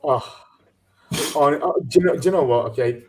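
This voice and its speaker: A man hosting a live fan podcast, rambling and animated, breaking into sweary rants. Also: mid-range voice, moderate pace. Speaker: podcast host.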